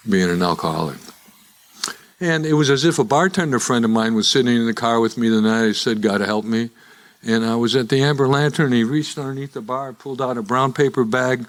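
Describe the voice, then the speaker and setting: An older man from Chicago, speaking to a live audience as a guest at a recovery meeting, telling his life story with wry jokes and chuckling at his own punchlines. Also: medium pitch.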